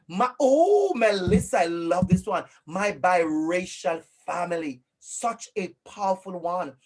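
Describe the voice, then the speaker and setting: Jamaican man, presenter on a video call, fairly high voice, upbeat and encouraging, repeats for emphasis. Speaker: workshop presenter. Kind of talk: interactive online workshop talk.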